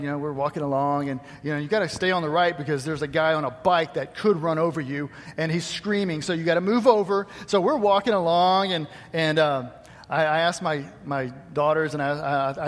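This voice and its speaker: A middle-aged preacher with a high, light voice delivers a folksy sermon full of jokes and asides to the congregation. His words ring out with a long reverb from a large church hall. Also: a little fast. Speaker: pastor.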